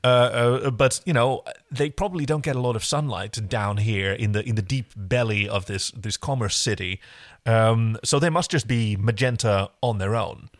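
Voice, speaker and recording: A man's voice: mid-range voice, normal speed, no room sound, clean studio sound. A man casually recapping a TV episode as a podcast co-host, chatty with stammering restarts.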